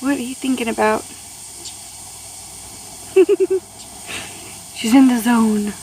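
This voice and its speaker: Young woman, high voice, chatty home vlog, rambling with fillers, coos at her kids, handheld camera outdoors, faint background noise. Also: animated, drawn-out words, warm tone. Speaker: vlogger and mother. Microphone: handheld camera, filming one-handed.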